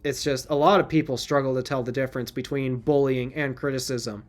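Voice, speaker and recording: A man's voice: medium pitch, fairly even intonation, fairly quick. A man co-hosting a podcast in casual chat, telling stories earnestly and rambling with restarts. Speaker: podcast co-host.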